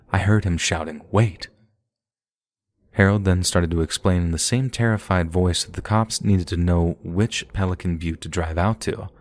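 A man with a very deep voice tells a first-person horror story at a steady, measured pace. The sound is close and dry, with no room around it. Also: dry recording. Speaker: narrator.

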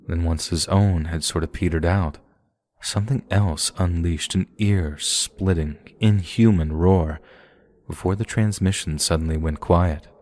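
A man with a very deep voice tells a first-person horror story at a steady, measured pace. The sound is close and dry, with no room around it. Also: no echo. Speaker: narrator.

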